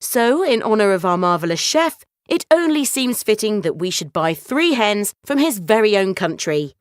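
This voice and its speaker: A woman's voice: mid-range voice, very animated, normal speed, dry recording, clean studio sound, lightly acted. A woman voicing a loyal, clever storybook knight who speaks in polite, formal phrases. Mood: eager.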